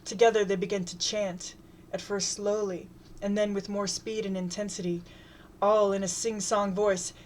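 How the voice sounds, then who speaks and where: A woman reading a comic story aloud in a wry, deadpan way. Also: mid-range voice, normal speed, a little hiss or hum. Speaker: reader.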